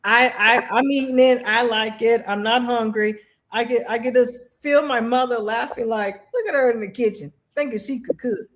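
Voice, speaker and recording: A woman's voice: on the high side, moderate pace. A middle-aged woman telling stories about grief and faith, acting out the voices of the people she quotes. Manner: animated storytelling, acts out quoted voices. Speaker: guest, Air Force veteran. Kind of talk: emotional conversation about grief.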